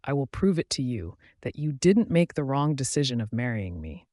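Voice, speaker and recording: A man's voice: medium pitch, very animated, moderate pace, dark tone, no room sound, clean studio sound, natural voice. A man voicing an earnest young woman, a new bride who talks in a pleading, soothing way in an audiobook.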